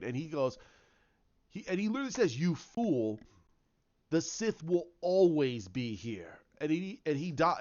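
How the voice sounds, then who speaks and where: A man casually retelling his own story idea, rambling with many restarts and acting out the quotes in a lower voice. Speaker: fan commentator. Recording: dull lo-fi sound.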